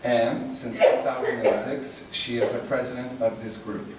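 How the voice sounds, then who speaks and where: A man's voice: mid-range voice, level tone, moderate pace, a little hiss or hum. Man, friendly tribute speech, distant mic, echoey convention hall. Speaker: award co-presenter.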